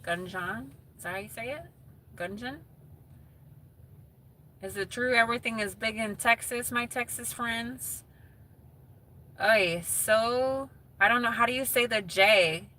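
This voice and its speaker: A woman's voice: a little high, measured pace, pauses often, pushed and bright. A woman chatting casually with viewers on a live stream, reading their comments aloud and laughing often.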